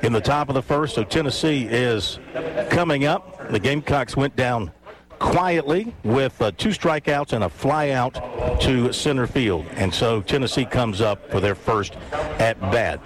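A man hosting sports talk radio, running through scores briskly and bantering in a relaxed way. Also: mid-range voice, a crowd in the background.

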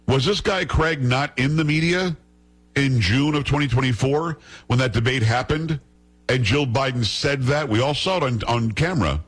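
A male host delivers indignant commentary, firing off sarcastic rhetorical questions. His voice is husky at a middle pitch, with a rough edge throughout. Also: lively intonation, brisk, a bit bright. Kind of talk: political commentary.

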